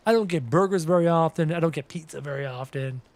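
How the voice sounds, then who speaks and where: A man streaming a game and chatting casually with viewers, a projecting, energetic talker with faint game music behind. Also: on the high side, fast, dry recording. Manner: projects his voice, loud and energetic. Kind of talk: casual live-stream chat.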